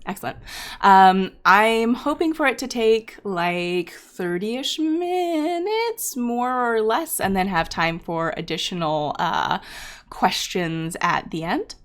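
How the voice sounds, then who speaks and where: A woman's voice: medium pitch, slow pace, fairly bright tone, clean tone. A woman hosting and teaching a live online class, talking off the cuff and straight to her viewers, with many ums and restarts. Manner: talks straight to viewers in chat. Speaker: instructor hosting a data science livestream. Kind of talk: unscripted livestream teaching.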